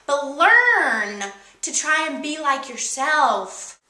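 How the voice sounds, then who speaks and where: Bright, high-voiced young woman in an echoey room. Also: big pitch swings, drawn-out words. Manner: upbeat and emphatic, leaning on repeated key words. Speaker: co-host. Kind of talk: motivational vlog talk. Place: indoor room with a kitchen counter.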